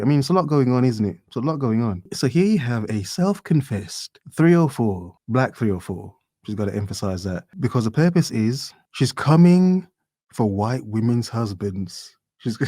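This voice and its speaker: A man's voice: medium pitch, a little mellow, no room sound, studio quality. A man hosting a reaction video, rambling and mocking, keeps insisting he is only joking. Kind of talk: casual commentary.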